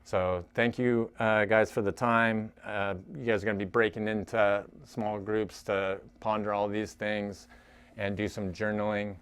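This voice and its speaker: A young adult man giving an earnest, halting church teaching talk to a recovery group. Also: lowish voice, level tone, a bit bright, smooth. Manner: earnest, halting, frequent restarts.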